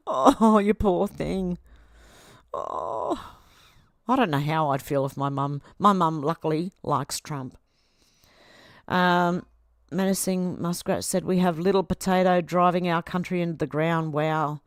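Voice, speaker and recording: A woman's voice: on the low side, measured pace, no echo, clean studio sound. An Australian woman in her fifties hosting a casual livestream, reading viewer comments aloud and chatting back to them. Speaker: livestream host.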